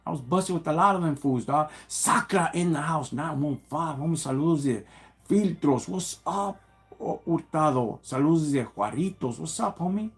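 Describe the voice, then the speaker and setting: A man's voice: fairly high pitch, lively intonation, moderate pace, faint music behind. A middle-aged man with a Chicano English accent talks on a casual livestream, greeting viewers in laid-back street slang. He calls everyone "homie" and "dog" and drops Spanish words into his English. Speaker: livestream host. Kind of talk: casual livestream shout-outs and talk.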